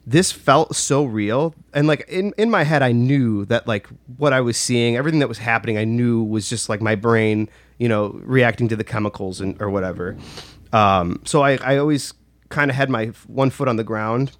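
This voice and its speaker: A man talks loosely about something that happened to him, and he keeps circling back with fillers and restarted phrases. His voice sits at an ordinary middle pitch. The sound is dry and close, with no room echo. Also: moderate pace. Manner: rambling, full of "like" and restarts. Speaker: storyteller recounting a personal experience. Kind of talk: casual chat.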